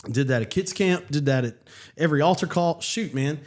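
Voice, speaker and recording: A man, a pastor, telling his personal story in casual conversation, earnest and halting with many restarts. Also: on the high side. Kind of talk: personal testimony in casual chat.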